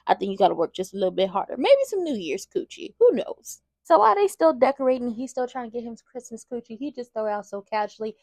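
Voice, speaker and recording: A woman's voice: on the high side, lively intonation, rapid-fire, few pauses, darkish tone, no echo. A woman hosting a casual soap opera recap, telling the story in a sassy, slangy way and acting out the characters' lines. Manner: acts out characters' lines in quotes.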